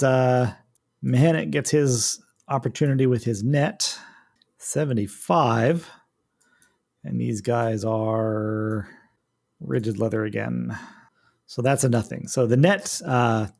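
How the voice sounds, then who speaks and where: A man's voice: mid-range voice, takes it slowly, creaky, darkish tone. A man running a tabletop game as game master, patiently walking the players through rules and turns. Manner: patient, explains rules step by step.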